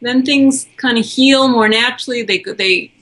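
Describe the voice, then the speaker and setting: A woman guest expert answering interview questions in a calm, gentle, explanatory way. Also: a little high, normal speed. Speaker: guest expert on self-compassion.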